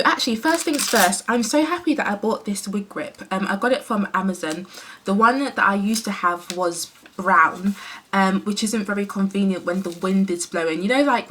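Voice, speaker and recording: A woman's voice: medium pitch, a bit bright. Brief: chatty UK woman, hair vlogger, loose rambling talk, lots of ums. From United Kingdom. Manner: chatty, many fillers and self-corrections. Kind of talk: casual rambling chat.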